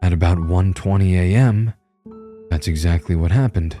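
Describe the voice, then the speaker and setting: Deep-voiced man narrating a horror story. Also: normal speed, dark tone, soft background music. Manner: tense, grim storytelling.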